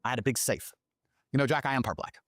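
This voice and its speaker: A man's voice: mid-range voice, fast, fairly bright tone, dry recording, clean studio sound. A middle-aged man telling a long story on a podcast, swearing freely and acting out what others said in mocking voices. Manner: profane, acts out quoted lines in mocking voices. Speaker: podcast guest. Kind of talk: animated storytelling in a podcast clip.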